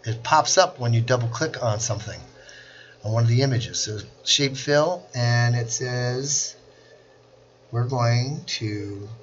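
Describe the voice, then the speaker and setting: A man teaching a software class, walking through each click step by step in a screen-recorded tutorial. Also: mid-range voice, slow, lo-fi sound. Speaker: instructor.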